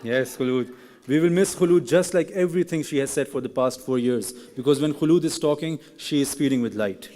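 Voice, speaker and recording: A man's voice: on the high side, fairly quick, few pauses, warm tone. A young man, a graduating student, giving an earnest and teasing ceremony speech at a podium microphone in a large hall. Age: young adult. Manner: earnest, then playfully teasing classmates. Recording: reverberant hall.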